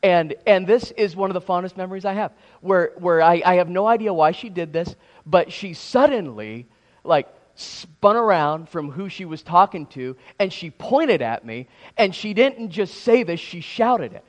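A man in his thirties preaching a sermon in a church, talking in a halting way with many restarts and repeated words. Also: sits high, lively intonation. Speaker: pastor. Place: church sanctuary.

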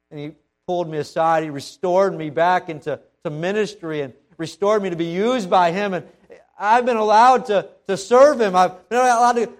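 A man voicing the apostle Peter as a humbled, remorseful grown man, speaking softly and in a subdued way. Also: high-pitched, natural voice. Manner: soft, hushed and subdued.

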